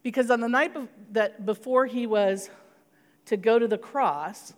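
A woman's voice: a little high, a little slow. Middle-aged woman preaching in a reverberant hall. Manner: earnest, personal storytelling with prayer. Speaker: pastor. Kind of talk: sermon.

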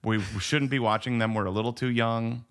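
A man's voice: medium pitch, fairly even intonation, brisk. A man co-hosting a movie podcast in casual chat, enthusiastic and rambling, full of "like" and restarts. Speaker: podcast co-host.

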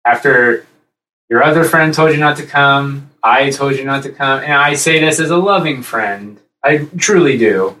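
A man co-hosting a casual podcast chat, rambling and animated, breaking into high-pitched impressions. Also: moderate pace, roomy sound, distant mic, poor audio. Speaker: podcast co-host.

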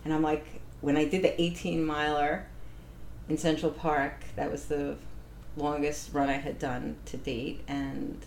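Woman guest, relaxed storyteller, lower voice, animated and laughing. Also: a little slow, vocal fry, slight background noise. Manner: animated, laughs often, acts out quoted voices. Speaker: interview guest. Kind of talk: casual storytelling.

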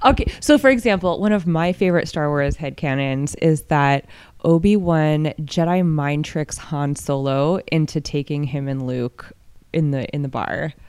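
A woman's voice: deep voice, normal speed, darkish tone, clear, resonant tone, dry recording. A woman interviewer asking playful, upbeat questions in a casual chat at a comic convention.

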